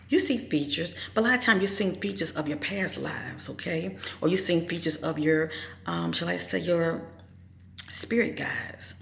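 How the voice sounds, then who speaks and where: A woman's voice: low-pitched, gravelly. A woman hosting her own channel and giving an informal spiritual talk, asking rhetorical questions and checking in with "okay?" as she goes. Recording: echoey room.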